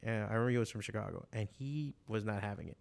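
A man's voice: fairly low pitch, animated, very fast, creaky. A man in his forties chatting casually, telling rambling, profane stories with lots of fillers. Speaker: stand-up comedian and podcast guest. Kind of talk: casual chat.

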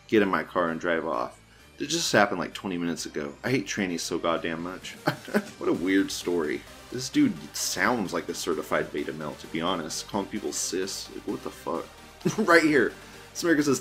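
A man's voice: fairly low pitch, sing-song, moderate pace, soft background music. A man hosting a show, reading forum posts aloud with crude, mocking commentary and frequent laughter. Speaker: host.

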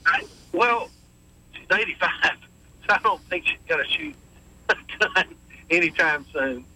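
A man's voice: high-pitched, animated, measured pace, sharp tone, poor audio. A middle-aged man calling in to a radio show, upbeat and rambling with many fillers. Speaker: caller. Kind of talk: casual call-in chat.

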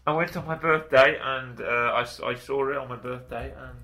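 Chatty podcast co-host, bright forceful tone, jokey, riffs on films. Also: male voice, mid-range voice, fairly even intonation, a little fast. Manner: chatty, jokey, does film impressions. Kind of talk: casual chat.

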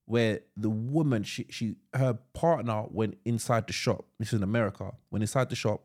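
A man co-hosting a casual podcast chat, chatty and firing off quick follow-up questions. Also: on the low side, a little mellow. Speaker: podcast co-host.

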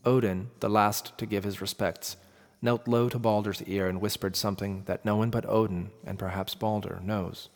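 A man narrating a myth in a measured, dramatic storytelling manner. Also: lowish voice, fairly even intonation, darkish tone. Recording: long reverb with faint music.

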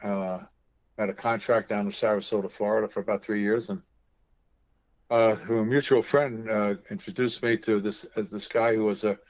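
An older man from New York, telling stories as an interview guest in a halting way full of fillers and repeated words. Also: fairly low pitch, steady tone, lo-fi sound. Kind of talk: casual storytelling.

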